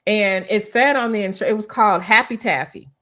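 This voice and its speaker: A middle-aged woman who used to be a hairstylist tells a story in a relaxed interview, her medium-pitched voice moving briskly. She is animated, keeps restarting her sentences, and performs the voices of the people she quotes.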